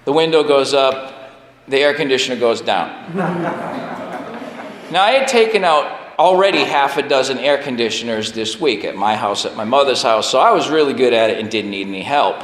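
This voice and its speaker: A man in his forties shares a personal story at a recovery meeting in an animated, self-deprecating way, often laughing at himself. His mid-range voice rings around a roomy hall with a long reverb tail. Faint room noise sits underneath. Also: mid-range voice, a little fast.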